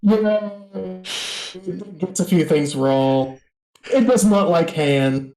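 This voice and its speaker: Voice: mid-range voice, drawn-out words, gravelly, darkish tone. Exasperated co-host in a roomy echo. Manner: exasperated, joking threats and groans. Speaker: co-host commentating. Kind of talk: casual banter.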